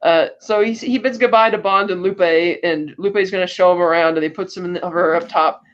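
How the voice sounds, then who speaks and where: High-voiced man retelling a movie. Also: brisk, lo-fi sound. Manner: animated storytelling, acting out lines of dialogue. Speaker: podcast host. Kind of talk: casual chat recapping a film.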